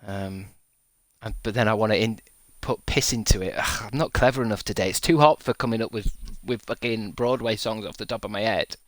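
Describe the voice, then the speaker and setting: A man in his thirties rambles to his stream in a low-pitched voice, cracking crude jokes and swearing freely. The sound is dry and close, with no room around it. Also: brisk, no echo. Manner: rambling, jokey and profane, laughs at his own gags. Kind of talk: casual chat to a live stream.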